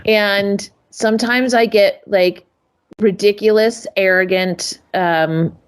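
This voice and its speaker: A woman in the middle of her speaking range tells a story on a podcast. She is lively and self-mocking, and she jumps up high when she quotes other people. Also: slow pace, smooth. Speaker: podcast guest, family photographer. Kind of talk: casual storytelling in an interview.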